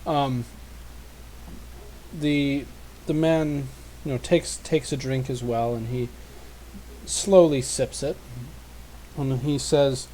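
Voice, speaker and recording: Mellow-voiced man running a tabletop game. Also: mid-range voice, takes it slowly, pauses often, a little hiss or hum, poor audio. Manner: relaxed, loose narration with fillers. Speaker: game master. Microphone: desk mic on a live stream.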